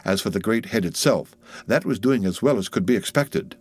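A man narrating a classic novel as an audiobook, in a measured, dramatic storytelling manner. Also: fairly low pitch, lively intonation, husky.

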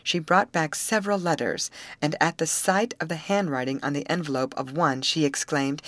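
A woman narrating a novel aloud in a clear, measured audiobook reading. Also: deep voice, fairly even intonation, a bit bright, no room sound. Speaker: audiobook reader. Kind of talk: scripted narration.

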